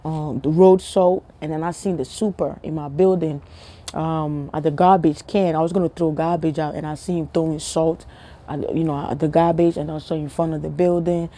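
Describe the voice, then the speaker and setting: Chatty Ghanaian woman with a dark voice. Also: low voice, fairly even intonation, normal speed. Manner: chatty, talks straight to viewers with rhetorical questions. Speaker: vlogger. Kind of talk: casual storytelling to viewers.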